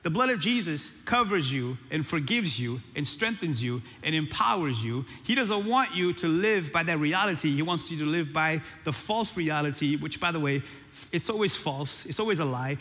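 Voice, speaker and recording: A man delivers an animated sermon, calling out to the crowd for a response. His voice sits high and rings bright. Long hall reverb trails behind every phrase. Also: moderate pace. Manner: animated preaching with call-and-response. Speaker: pastor.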